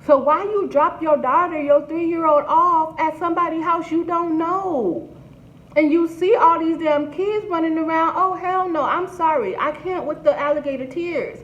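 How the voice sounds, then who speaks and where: A woman's voice: very high voice, normal speed. A woman vlogger giving blunt, outspoken commentary, swearing freely. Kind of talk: casual commentary. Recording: echoey room, dull lo-fi sound.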